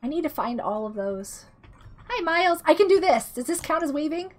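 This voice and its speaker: A woman in her thirties, sick with a rough throat, chatting casually and giggling as she greets viewers during a game stream. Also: high voice, sing-song, normal speed, a little mellow. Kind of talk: casual live-stream chat while gaming. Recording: faint music behind the voice.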